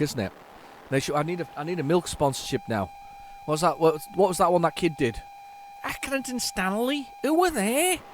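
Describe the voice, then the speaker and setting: Guy rambling about old tapes, gets excited easy, makes fun of himself. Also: mid-range voice, a little hiss or hum. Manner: excitable, rambling, self-mocking chatter. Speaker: host. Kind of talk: casual commentary on retro computer tapes.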